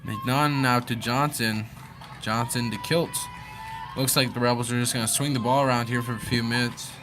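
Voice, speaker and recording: A man's voice: medium pitch, fairly even intonation, moderate pace, music in the background. Young man calling a school basketball game. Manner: plain, easygoing play-by-play, a little unpolished. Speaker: play-by-play commentator. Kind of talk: amateur basketball commentary. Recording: noisy gym ambience behind.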